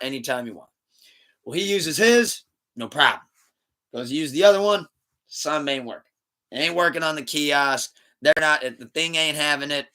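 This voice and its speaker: A podcast host with a mid-range voice tells a story casually and with animation. He laughs, swinging between loud outbursts and muttered asides.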